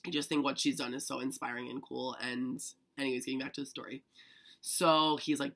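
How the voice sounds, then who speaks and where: A young man chatting to camera, eager and excitable, packing his talk with "like". His voice has a gravelly fry under it and a bright, tense tone. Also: medium pitch, brisk. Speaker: vlogger. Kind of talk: casual storytelling to camera.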